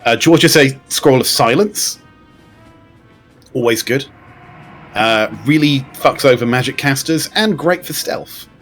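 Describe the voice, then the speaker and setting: A man running a tabletop game as game master, explaining options in a lively, jokey way. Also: mid-range voice, a little slow, pauses often, faint music behind.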